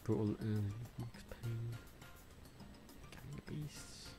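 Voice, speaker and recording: A man's voice: medium pitch, takes it slowly, dark tone. A young English man with a faint Liverpool twinge, rambling and swearing freely as he chats on a gaming livestream. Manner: rambling, swears freely, jumps between topics. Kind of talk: casual gaming livestream chat. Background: faint game music.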